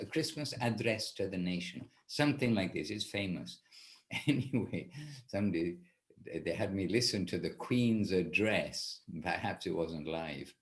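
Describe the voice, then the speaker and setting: A man teaching an informal class, talking in a rambling way and often correcting himself. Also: fairly low pitch. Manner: rambling, self-correcting, with restarts. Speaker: spiritual teacher leading a class.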